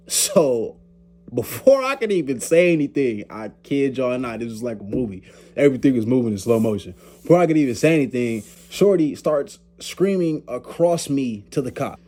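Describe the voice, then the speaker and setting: Mid-range in pitch and at normal speed, this young vlogger spins a casual story in slangy, animated style. He laughs often and voices the other people's lines himself.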